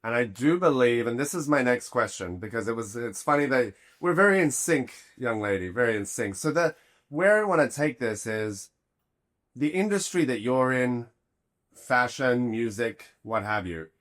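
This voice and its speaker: A man's voice: mid-range voice, expressive, moderate pace, fairly bright tone. A man hosting a podcast, asking thoughtful questions and rephrasing as he goes. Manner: thoughtful, rephrases mid-sentence, affirms guest. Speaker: podcast host. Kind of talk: interviewer questions.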